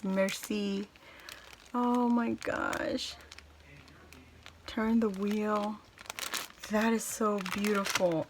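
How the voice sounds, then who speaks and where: A woman unboxing a craft gift for her viewers in casual chat, gushing and exclaiming with delight, then slowing down to take it all in. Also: mid-range voice, a bit bright, a little hiss or hum. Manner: slow and drawn out between exclamations.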